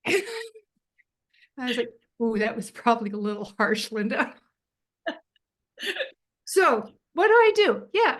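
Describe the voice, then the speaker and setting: A woman, a magazine founder, tells a self-deprecating story in a casual interview over a video call. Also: fairly high pitch. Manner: chatty, self-deprecating anecdotes with laughs.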